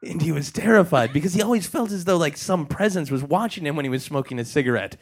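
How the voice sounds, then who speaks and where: A man hosting a comedy podcast, improvising a ghost story in a hushed, mock-spooky way. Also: fairly high pitch, animated, fast talker. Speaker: podcast host.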